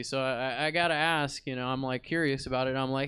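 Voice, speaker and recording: A man's voice: medium pitch, steady tone, fast talker, few pauses, bright, forceful tone, clean tone. A man performing an improvised comic monologue, telling a rambling story in a laid-back slacker voice full of fillers. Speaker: improv comedian. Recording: stage theater performance.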